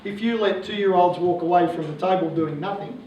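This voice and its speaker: Aussie guy giving a talk, high voice, cracking jokes, mic far off in a big echoey hall w faint room noise. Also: a little fast, highs cut off. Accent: Australian. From Australia. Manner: animated, joking storyteller. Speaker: coach speaking to parents. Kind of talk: public talk.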